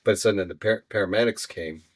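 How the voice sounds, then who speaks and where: A man with a deep, low voice tells his own story as a podcast guest. He speaks earnestly and haltingly, leaning on "you know" while he gathers his thoughts. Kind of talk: personal storytelling in an interview.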